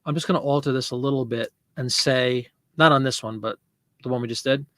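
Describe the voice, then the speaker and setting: A man's voice: medium pitch, a little fast, fairly bright tone, dry recording. A man hosting a casual live selling stream, chatting and laughing as he answers viewer comments. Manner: chatty, rambling, laughs often, reads viewer comments aloud. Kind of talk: casual livestream chat with viewers.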